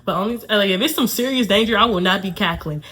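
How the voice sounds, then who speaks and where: A young woman from Atlanta telling a casual storytime to her channel, chatty and quick to break into nervous laughter. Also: mid-range voice, fairly bright tone. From Atlanta, USA. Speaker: YouTuber.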